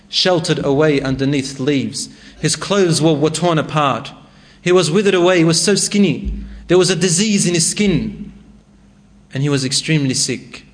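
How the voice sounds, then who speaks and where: A man narrating a religious story as a preacher, with a dramatic, emotional delivery. His voice sits somewhat high and lifts further at tense moments.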